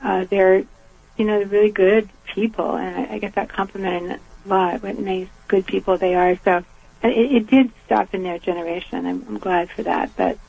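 An older woman from the American South speaks earnestly and reflectively, now and then with a soft laugh. Her voice is gravelly and a little husky. The sound is dry and tinny, as if it comes over a phone line. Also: mid-range voice, steady tone, moderate pace. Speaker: guest. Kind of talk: reflective conversational interview.

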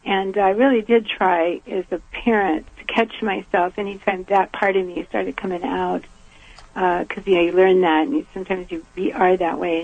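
An older Southern American woman with a mid-range voice is interviewed as a guest over a tinny phone line. She speaks earnestly and reflectively, letting out soft laughs.

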